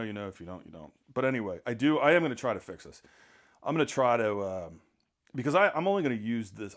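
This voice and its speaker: A middle-aged man rambling casually through a photography gear vlog, joking at his own expense and often clearing his throat. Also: lowish voice. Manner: rambling, self-mocking, frequent throat clearing. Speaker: sports photographer.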